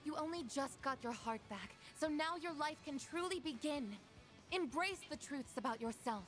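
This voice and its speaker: Sincere young heroine, high clear voice, game dub. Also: female voice, expressive, moderate pace, fairly bright tone, soft background music. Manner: sincere, encouraging. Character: earnest young woman ally, gentle and resolute. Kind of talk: video game voice acting.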